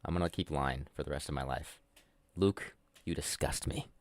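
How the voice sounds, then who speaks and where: A man with a very low voice hosts a loose commentary chat. He rambles, swears freely and mocks himself. The sound is dry and close, with no room in it. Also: moderate pace, dry recording. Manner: rambling, swears a lot, self-mocking. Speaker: host.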